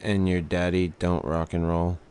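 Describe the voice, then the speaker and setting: A man co-hosting a podcast, throwing in quick wisecracks in casual chat. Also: sits low, little pitch movement, darkish tone, clean tone. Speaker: podcast co-host.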